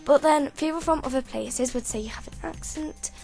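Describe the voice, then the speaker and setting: High-voiced, rambling British woman. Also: normal speed, gravelly, a little mellow, faint music behind. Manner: rambling, self-interrupting, giggly. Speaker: game builder vlogger. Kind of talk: casual gameplay commentary. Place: at home at a computer.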